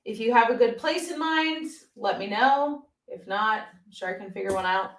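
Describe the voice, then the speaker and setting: A woman's voice: on the high side, moderate pace, a bit bright. Give me a young woman chatting casually on a live stream from home, upbeat and full of fillers. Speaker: YouTube host reading live chat. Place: home, by her desktop computer.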